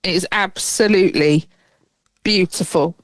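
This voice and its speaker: A woman co-hosting a podcast in casual chat, animated and swearing freely. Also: fairly low pitch, a little slow, dry recording. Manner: chatty, animated, swears freely and laughs often. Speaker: podcast co-host.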